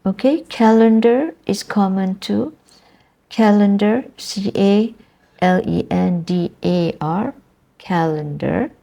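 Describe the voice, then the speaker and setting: A middle-aged Malaysian woman lectures on English pronunciation, spelling words out letter by letter in an unhurried, explanatory way. Her Malaysian English accent sits on a low, mellow voice with a gravelly edge of fry. She takes her time over each word. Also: lo-fi sound. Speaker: university lecturer.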